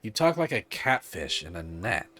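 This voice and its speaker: A man's voice: deep voice, very animated, normal speed, sharp tone, faint music behind, full character voice. A man reading a video game aloud, voicing a playful, cryptic young circus acrobat girl in a lifted voice. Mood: teasing.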